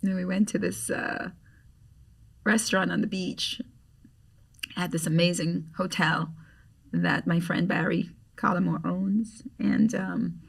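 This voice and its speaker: A middle-aged woman from Grenada with a Grenadian accent, a podcast guest telling a story in an animated way and acting out the voices she quotes. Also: fairly low pitch, slow, gravelly, long pauses, slightly rough, distant mic. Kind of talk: storytelling in conversation.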